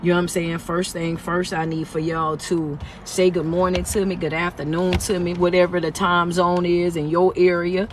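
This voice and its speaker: A woman's voice: fairly low pitch, little pitch movement, moderate pace, few pauses, background noise. A woman motivational speaker and life coach, greeting viewers and preaching in a chatty phone livestream pep talk.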